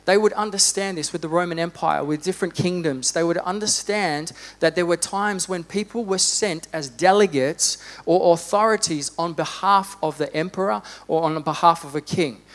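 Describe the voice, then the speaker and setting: A man preaching a sermon in a church, fervent, rising to loud exhortation and dropping to quiet reflection. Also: a little high, moderate pace, hardly any pauses. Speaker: pastor.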